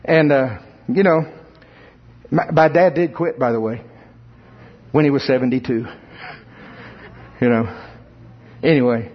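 A man preaching, telling his own testimony in a humorous, animated storytelling way. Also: mid-range voice, a little slow, long pauses, dull audio. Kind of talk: sermon testimony.

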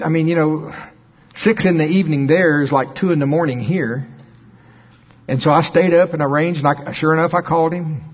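An older man preaching, telling a story with lively quoted dialogue, his voice jumping high when he acts out phone calls. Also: husky, lo-fi sound. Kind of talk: sermon storytelling.

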